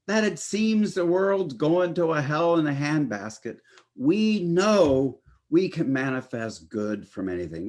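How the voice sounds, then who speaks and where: Unhurried man preaching a lively sermon. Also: a little high. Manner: expressive, rising and falling delivery with drawn-out emphasis. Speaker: minister.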